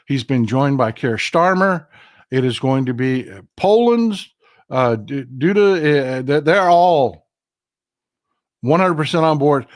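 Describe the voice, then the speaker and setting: A middle-aged man with a Texan accent, hosting a casual political livestream in an animated, folksy way, swearing freely into a desk microphone. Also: mid-range voice, slow. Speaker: livestream host.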